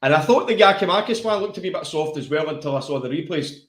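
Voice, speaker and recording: A man from the Glasgow area of Scotland co-hosts a football podcast in a slightly high voice with lively intonation, talking fast. He's blunt, matey, and swears freely, like a mate at the pub, and the room sounds echoey.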